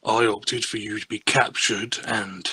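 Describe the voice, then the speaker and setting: A man's voice: on the low side, little pitch movement, measured pace, pushed and bright, slightly rough, no room sound, full character voice. A man voicing a blunt, calculating crew member in a tabletop game, matter-of-fact and unapologetic.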